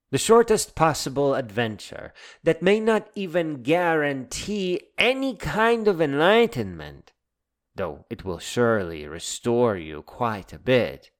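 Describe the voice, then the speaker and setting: A man reading a reflective, wry spoken essay in a musing, deliberate way. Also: medium pitch, lively intonation. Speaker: essay narrator. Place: Lake Michigan area.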